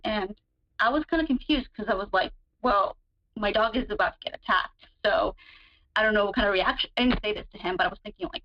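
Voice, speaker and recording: Woman guest, casual storyteller, chatty with fillers, pitch jumps on dramatic bits; dull lo-fi audio. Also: normal speed. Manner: chatty, many fillers, relives moments with sudden higher pitch. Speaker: guest describing her relationship.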